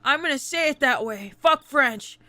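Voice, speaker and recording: A woman streamer reading a visual novel aloud and chatting with viewers. She swears freely, laughs a lot, and rants excitedly. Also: high voice, normal speed, no room sound. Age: adult.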